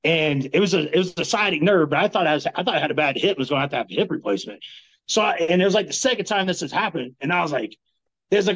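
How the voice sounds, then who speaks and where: A man's voice: fairly high pitch, very fast, fairly bright tone, muffled recording. A middle-aged man, a former wrestler, telling rambling stories in a laid-back interview and laughing often. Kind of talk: casual storytelling interview.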